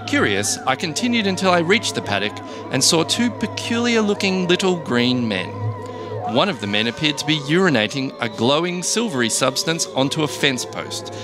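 A man reads a comic first-person story in a dry, deadpan way. His pitch swings lively up and down. Music plays steadily behind him. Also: normal speed. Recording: background music.

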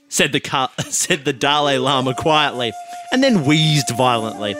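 Man reading a comic story, deadpan, animated, with music under the voice. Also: medium pitch, measured pace. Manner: deadpan, laughing at his own jokes. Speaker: podcast host and storyteller.

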